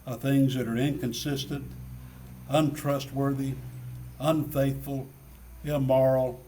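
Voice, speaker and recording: A man's voice: medium pitch, a little mellow, distant mic, a little hiss or hum. A man preaching a sermon in an earnest way, asking many rhetorical questions and repeating his key phrases.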